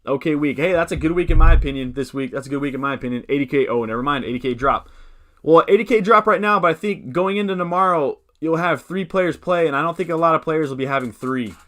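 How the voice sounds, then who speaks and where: A man's voice: a little high, fast, a bit bright. Man live-streaming, chatty and rambling. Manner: rambling, self-correcting, upbeat, reads chat aloud. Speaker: fantasy football streamer answering chat. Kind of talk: casual live-stream chat.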